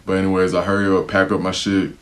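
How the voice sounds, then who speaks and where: A young man with an American accent and a very deep, low voice tells a story straight to the camera. He talks casually and uses a lot of slang, and he acts out the lines of the people in the story. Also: quick pace. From United States. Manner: animated, slangy, acts out what others said. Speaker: vlogger telling a travel story.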